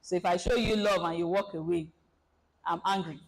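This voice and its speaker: Animated woman giving a seminar. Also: on the low side, moderate pace, creaky, low-quality recording. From Nigeria. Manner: animated, acts out scenarios. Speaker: relationship seminar speaker. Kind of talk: presentation talk to an audience.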